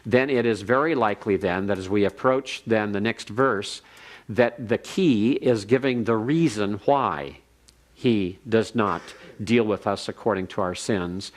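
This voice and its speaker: A man lecturing on Hebrew grammar to a class, explaining step by step and reading phrases slowly for the students to repeat. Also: lowish voice. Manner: methodical, reads Hebrew slowly for repetition.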